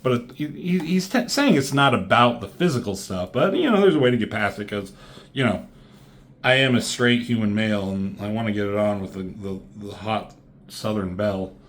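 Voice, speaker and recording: A man giving a casual, rambling comic book review, swearing freely and filling pauses with "um". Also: on the low side, expressive. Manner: rambling, profane, lots of fillers.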